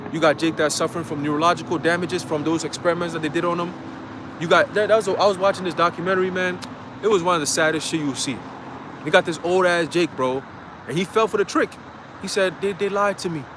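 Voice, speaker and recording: Guy preaching from his car, kinda high voice, cussing and slangy, low traffic noise outside. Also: fairly even intonation, fast talker. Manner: blunt, profane, slangy and heated. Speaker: street preacher. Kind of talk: casual livestream preaching.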